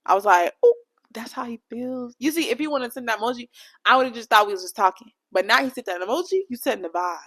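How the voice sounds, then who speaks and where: A woman's voice: on the high side, lively intonation, quick pace, fairly bright tone. A young adult woman hosting her own podcast, chatting alone in a candid, playful, profane way that rambles from point to point. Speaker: podcast host. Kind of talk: casual solo podcast chat.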